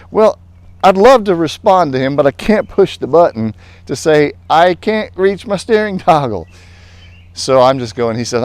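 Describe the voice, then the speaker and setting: A male pastor telling a personal story in a lively way, then turning earnest and reflective as he draws a lesson. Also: medium pitch, smooth, dry recording. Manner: animated storytelling, later calm and earnest. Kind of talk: storytelling devotional talk.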